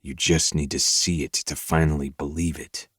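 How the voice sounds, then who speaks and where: A woman narrating an audiobook, voicing a dark, possessive, commanding man in a low, slow, menacing purr. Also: fairly even intonation, husky, no room sound, studio quality. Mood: intense.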